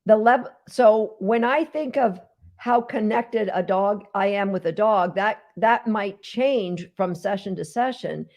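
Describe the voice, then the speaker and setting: A woman's voice: medium pitch, slow pace, a little mellow. A woman dog trainer hosting a casual live Q&A, chatty and emphatic, talking straight to her viewers. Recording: dull lo-fi sound.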